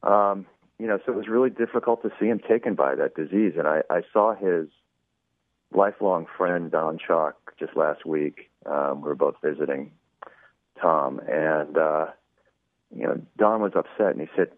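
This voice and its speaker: A man with a very deep voice speaks as an interview guest over a tinny phone connection. He talks in a chatty, anecdotal way, acting out quoted exchanges and filling pauses with "you know". The sound is dry and close. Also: no room sound. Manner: chatty storyteller, acts out quoted dialogue, many "you know"s. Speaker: producer of a radio show.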